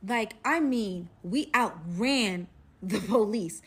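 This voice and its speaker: Young woman doing a dramatic storytime, gets loud then quiet, mid pitch. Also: measured pace, slight background noise. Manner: dramatic, animated retelling with loud bursts. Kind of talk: storytime vlog.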